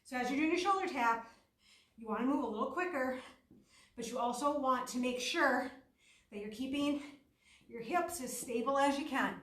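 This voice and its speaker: High-voiced lady coaching a workout while doing it, bit winded, roomy echo. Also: moderate pace, long pauses, a bit bright. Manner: chatty, self-deprecating, talks while exercising. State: out of breath at times. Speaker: fitness instructor. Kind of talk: instructing a workout class. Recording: echoey room, voice from a distance.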